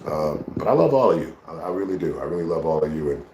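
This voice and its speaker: Deep-voiced man, brash rambling streamer. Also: lively intonation, quick pace, mellow, a little hiss or hum. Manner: brash, profane, rambling banter. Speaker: live streamer. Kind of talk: casual live-stream chat. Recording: roomy echo.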